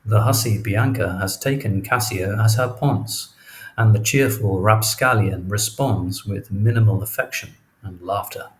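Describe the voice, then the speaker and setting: A man narrating literary commentary from an audiobook in a measured reading style. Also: on the low side, rough recording. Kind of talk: scripted narration.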